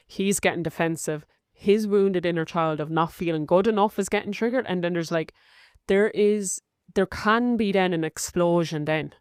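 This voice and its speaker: A woman's voice: fairly low pitch, smooth, no room sound, studio quality. An Irish woman hosting a podcast, talking in a chatty, open and personal way, full of likes and rights. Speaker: podcast host. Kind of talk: casual confessional monologue.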